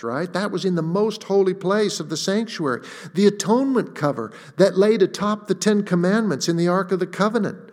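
A man delivers a sermon in a fairly high voice, deliberate and emphatic. He slows down to lean on key words. His voice rings out with the long reverb of a large church hall. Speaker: preacher.

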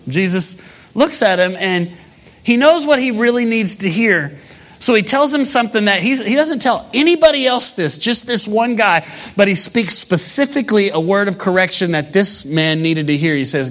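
A male pastor delivers a sermon in a relaxed, talk-to-the-room way. He tells stories with animation. His voice sits high and sounds bright. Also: normal speed. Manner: conversational, animated storytelling.

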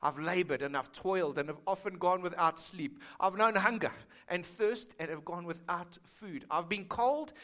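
In a slightly high, somewhat bright voice, a man preaches as pastor, talking straight to the people in the pews with a casual, humorous manner.

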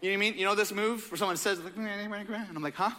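A young man preaching a sermon in a casual, joking, animated storytelling manner. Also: high voice, very fast, a little hiss or hum. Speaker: pastor.

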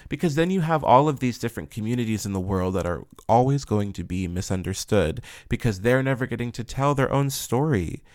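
A man's voice: mid-range voice, animated, a little fast, hardly any pauses, darkish tone, dry recording, studio quality. A man ranting in blunt, profane commentary, full of fillers and rhetorical questions. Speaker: commentary vlogger.

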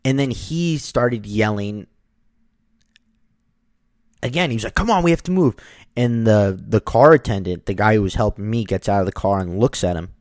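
A man casually telling a personal story, lively, acting out the people in it. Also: on the low side, normal speed, pauses often, dry recording. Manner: animated, acts out the people in his story.

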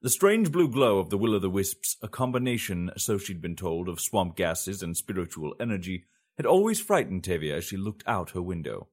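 A man reading a fantasy story aloud in measured audiobook narration. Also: low-pitched, big pitch swings, a little mellow.

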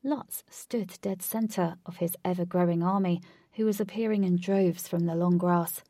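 A woman narrating an adventure story in a steady, clear storytelling voice. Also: on the low side, moderate pace, no room sound, studio quality.

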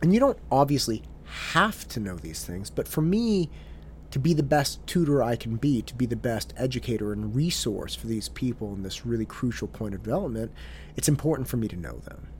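A man tells a personal story from his tutoring work, his voice rising and falling in a lively, expressive way. He speaks earnestly and often restarts his phrases as he thinks aloud, in a middle-pitched voice. A faint hiss sits under the recording. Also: a little fast. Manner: earnest, repeats his words as he talks. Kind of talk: storytelling monologue.

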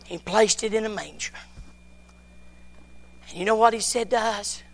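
A man preaching a sermon, telling a story and moving between hushed tones and near-shouting, with repeated words and folksy grammar. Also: high voice, fairly even intonation, normal speed, gravelly, a little hiss or hum. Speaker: pastor.

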